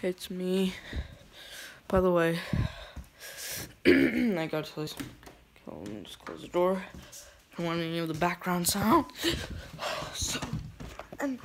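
Woman, low voice, very slow, hesitant, rambling, casual unboxing chat, phone mic. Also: animated, vocal fry, slight background noise. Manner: hesitant, rambling with many fillers. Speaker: toy unboxing vlogger. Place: small room indoors with door shut.

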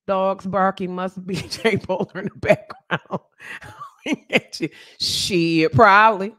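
A woman's voice: mid-range voice, fairly even intonation, takes it slowly, a bit bright. A woman hosting a casual livestream podcast, greeting viewers by name and trash-talking with blunt slang. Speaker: podcast host.

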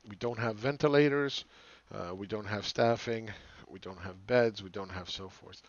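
A man's voice: on the low side, normal speed, no room sound, muffled recording. A man hosting a market commentary channel, ranting sarcastically with exasperation and repeating phrases for emphasis. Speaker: market analyst host.

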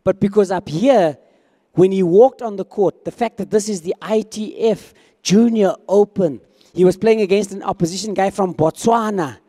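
High-voiced man preaching in a hall. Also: normal speed, warm tone. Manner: conversational preaching, acting out quoted dialogue. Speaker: pastor. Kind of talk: sermon.

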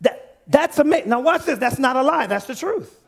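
A man preaching a sermon as pastor of a church, calling out questions to the congregation and rising to shouts as he reads scripture. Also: extremely high pitch, animated, normal speed, creaky. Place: church sanctuary.

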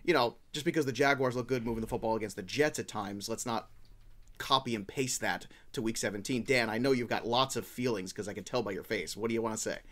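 A man hosts a casual fantasy football podcast and talks at a rapid clip. He is brisk, teases his co-hosts, and keeps his pitch in the middle range. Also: a bit bright. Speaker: podcast host.

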